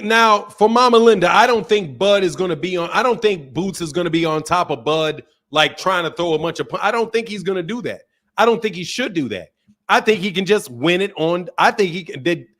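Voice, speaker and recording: A man's voice: sits high, bright, forceful tone. A man casually talking boxing on his show, repeating himself and restarting often. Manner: rapid, repetitive, restarts often. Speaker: boxing commentator. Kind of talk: casual talk-show commentary.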